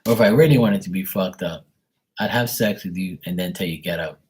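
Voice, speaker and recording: A man with a deep, low voice and a husky, slightly rough tone talks loosely to his viewers. He wanders through his points with plenty of fillers, restarts and blunt swearing. It sounds like an unscripted live-stream reading. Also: a little fast, darkish tone. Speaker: streamer reading tarot cards for paid questions. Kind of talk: casual live-stream chat.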